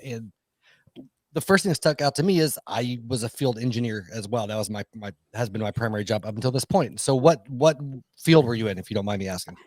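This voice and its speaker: Laid-back joking podcast host. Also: male voice, medium pitch, brisk, dry recording. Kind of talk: casual podcast chat.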